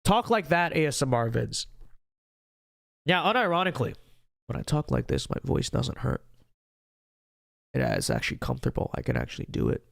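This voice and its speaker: A man putting on a breathy, hushed voice in a whispered role-play, sparing his strained throat. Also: fairly high pitch, sing-song, moderate pace, long pauses, dry recording, clean studio sound. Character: man doing a hushed ASMR voice.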